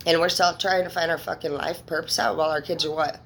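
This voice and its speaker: Woman, 30s, low gravelly voice, blunt tarot-reading monologue, slight background hiss. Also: fairly even intonation, quick pace, hardly any pauses, fairly bright tone, rough recording. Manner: candid, emotional, swears freely. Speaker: tarot reader. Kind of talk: casual monologue to viewers.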